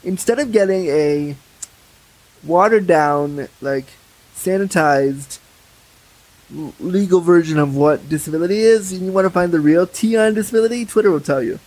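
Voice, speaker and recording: A man with a husky voice, a podcast guest telling candid stories in a blunt, animated way. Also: high-pitched, normal speed, low-quality recording. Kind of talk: casual podcast chat.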